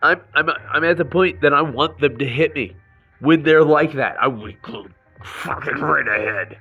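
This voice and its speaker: Man, slow-talking and angry, gravelly voice, raw emotional rant, dull lo-fi sound with faint music. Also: on the high side, pushed and bright. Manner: angry, raw venting with restarts and swearing. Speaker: vlogger. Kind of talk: emotional personal rant to camera.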